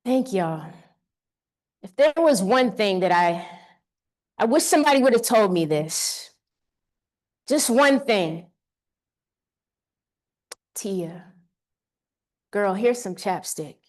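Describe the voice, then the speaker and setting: A woman giving an energetic motivational keynote on a conference stage, leading the audience in call-and-response. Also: mid-range voice, slow, long pauses. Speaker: keynote speaker.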